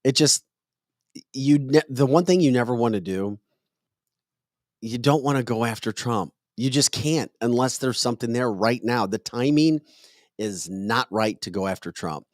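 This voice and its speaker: A man's voice: mid-range voice, moderate pace, no room sound, studio quality. A man hosting a podcast, chatting casually about politics in an emphatic, joking way that slides into a scolding tone. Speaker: podcast host.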